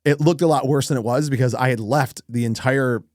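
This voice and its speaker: A man's voice: medium pitch, fairly quick, no room sound, clean studio sound. A middle-aged man co-hosting a podcast, telling a heated personal story in casual chat, acting out the people in it. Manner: animated, swears, acts out quoted people. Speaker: podcast co-host.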